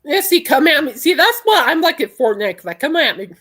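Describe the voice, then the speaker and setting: A woman's voice: sits high, very animated, a little fast, a bit bright. A young adult woman hosting a podcast in casual chat, rambling and laughing often. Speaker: podcast host.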